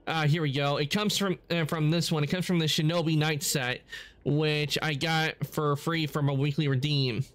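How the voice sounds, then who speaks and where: A man's voice: on the high side, fairly even intonation, moderate pace, fairly bright tone. A man streaming a game live, chatting casually and correcting himself as he rambles along. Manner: rambling, with frequent self-corrections. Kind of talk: casual gameplay commentary.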